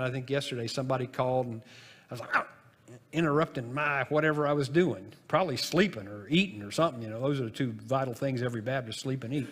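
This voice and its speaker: A man preaching from the pulpit in a relaxed, chatty way, slipping into asides and starting sentences over. His voice sits at an everyday middle pitch. The church hall gives it a long, echoing tail. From northern United States. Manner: conversational, folksy, with asides and restarts. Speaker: pastor. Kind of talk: sermon.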